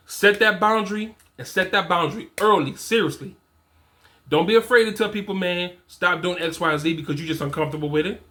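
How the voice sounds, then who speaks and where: Guy with a high bright voice talking straight to the fellas, repeats himself, casual slang. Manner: emphatic and repetitive, casual slang. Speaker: fatherhood and men's coach. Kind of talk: casual motivational talk to men.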